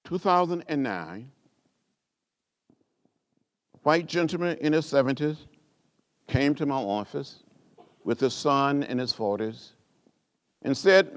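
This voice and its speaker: In his seventies and hailing from rural Alabama, this man speaks slowly and expressively, leaving long pauses as he delivers an award speech at an indoor gala. His talk starts as a story and builds into stirring oratory, with a preacher-like cadence, rising repeated phrases, and big swings in pitch.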